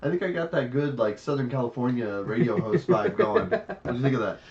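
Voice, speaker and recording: A man's voice: mid-range voice, a little fast, gravelly. A middle-aged man co-hosting a board game podcast, telling stories in casual chat and acting out quoted voices. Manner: animated storytelling with quoted asides. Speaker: podcast co-host. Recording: distant dull podcast audio.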